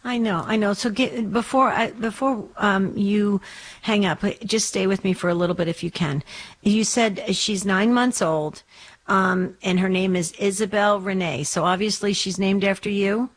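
Woman, call-in radio host, religious talk show, chatty, gently probing, mid-pitched voice. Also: fairly even intonation, moderate pace.

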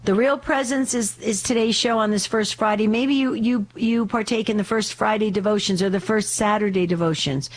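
A woman hosting a live call-in radio show, talking in a fervent, urgent, pleading way, still getting over a slight cough. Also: mid-range voice.

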